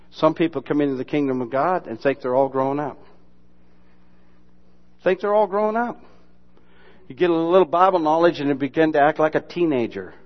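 A man preaching a sermon in a folksy, mocking, humorous way, mixing Bible lessons with sudden loud imitations. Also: mid-range voice. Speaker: pastor. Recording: dull lo-fi sermon recording.

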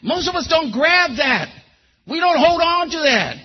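A man's voice: very high-pitched, sing-song, unhurried, dull audio. A man preaching a sermon and giving a testimony, calling listeners by name and asking them questions.

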